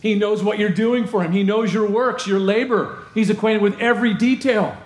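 A man's voice: sits high, moderate pace, roomy sound. A man preaching a sermon as pastor, emphatic and repeating phrases for effect.

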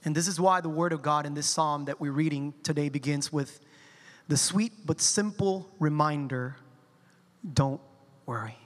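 A man from Colombia with a Spanish accent, preaching a sermon and telling stories with slow, emphatic quotes. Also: fairly high pitch, big-room sound. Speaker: pastor.

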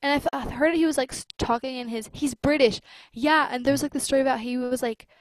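Young woman, kinda high voice, casual chat full of likes n swearing. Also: fairly even intonation, fast talker, dry recording. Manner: slangy, swears freely, many likes.

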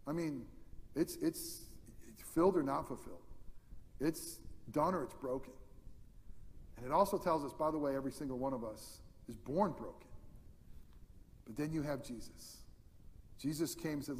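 A male pastor preaching a sermon, swinging between loud emphatic peaks and hushed, almost whispered lines. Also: on the high side, normal speed, long pauses, big-room sound.

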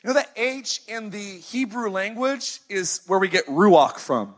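A man in his thirties preaching a sermon as pastor, emphatic and story-driven with sighs and dramatic pauses. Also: high-pitched, big pitch swings, fairly bright tone. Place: church sanctuary, live. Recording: faint music behind.

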